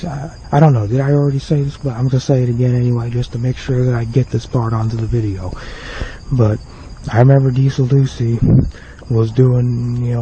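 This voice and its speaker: A man's voice: medium pitch, warm tone, a little hiss or hum. A young man rambling through an unscripted apology vlog to his viewers, repeating himself and sounding remorseful. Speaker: video creator apologizing to viewers. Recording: dull lo-fi home video with faint crickets.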